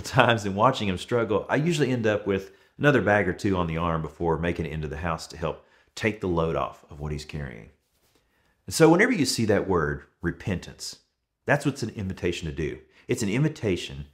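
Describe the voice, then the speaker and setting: A pastor in his thirties, his voice fairly low, gives a conversational sermon to his congregation. He carries his points with homely everyday stories, keeping his delivery relaxed and friendly rather than formal.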